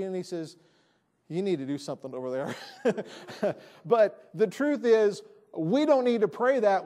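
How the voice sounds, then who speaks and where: A pastor preaches to his church in a high-pitched man's voice. He presses his points hard and repeats his key lines for emphasis. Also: a little mellow. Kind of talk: sermon. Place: church sanctuary.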